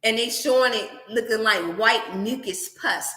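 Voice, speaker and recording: A woman hosting a motivational wellness livestream, preaching in an animated, scripture-laced way. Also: a little high, normal speed, reverberant. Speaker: wellness channel host.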